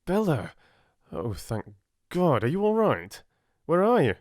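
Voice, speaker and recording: A man voicing a protective young prince who speaks urgently and forcefully in an audiobook. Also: medium pitch, huge pitch swings, a little slow, no room sound, studio quality, voice pushed up. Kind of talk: audiobook character voice.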